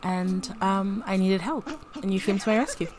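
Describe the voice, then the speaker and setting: A woman's voice: medium pitch, normal speed, crowd noise, close to an everyday voice. A woman voicing a charming, quirky, hardworking young woman student in a life-simulation game, bubbly and chatty.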